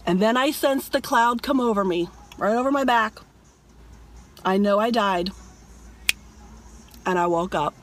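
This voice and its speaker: A woman's voice: mid-range voice, expressive, a little slow, pauses often. A woman vlogger telling a dream in a dramatic, emphatic way and urging viewers to repent. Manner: emphatic, addresses viewers as "people". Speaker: religious vlogger. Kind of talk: dramatic storytelling and preaching.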